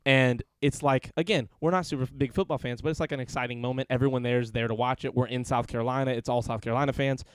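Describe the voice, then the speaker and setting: A man's voice: medium pitch, fairly even intonation, fast talker, few pauses, clear, resonant tone. A young man chatting on a podcast, rambling and often cutting in with asides. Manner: rambling, jumps in, laughs often. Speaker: podcast co-host. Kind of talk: casual chat.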